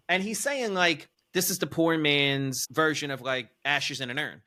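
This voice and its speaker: Bright, animated man telling a wild story. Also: slow. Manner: animated, profane, swings up into high disbelief. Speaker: podcast co-host. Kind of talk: casual storytelling.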